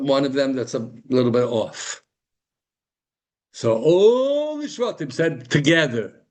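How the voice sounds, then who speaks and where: A man's voice: on the high side, big pitch swings, slow pace. A man teaching a Torah class to a live group, asking rhetorical questions and answering them himself, with Hebrew terms woven into English.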